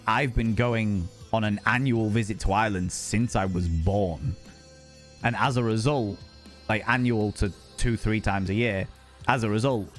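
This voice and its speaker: Jokey streamer with a Hull accent. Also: male voice, lowish voice. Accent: Northern English, Hull. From England. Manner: swears freely, jokey, slips into other accents. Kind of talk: casual chat reading live chat.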